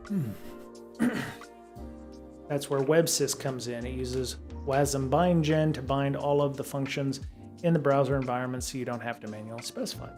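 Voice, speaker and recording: A middle-aged man hosting a live stream. He reads from a programming book at a steady pace, then drifts into loose chat full of ums and restarts. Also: medium pitch, moderate pace. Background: faint guitar music.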